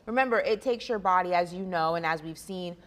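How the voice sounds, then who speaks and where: A woman co-hosting a casual sports talk show, measured and analytical, teasing her co-host. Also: on the low side.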